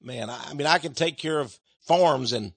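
A man's voice: a little high, normal speed, slightly rough, no echo, pitched below the performer's own voice. A preacher playing an eager man listing his skills. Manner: pleading, listing skills with stammers.

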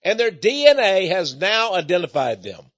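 A man's voice: high voice, very animated, moderate pace, a bit bright, highs cut off. A man from Texas with an East Texan accent, giving a folksy, emphatic preaching monologue.

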